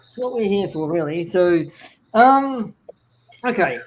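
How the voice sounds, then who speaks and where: A man's voice: high-pitched, lively intonation, slow pace, background noise. A man hosting a casual online chat show, rambling and joking and often correcting himself mid-sentence. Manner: rambling, jokey, self-correcting. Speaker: host.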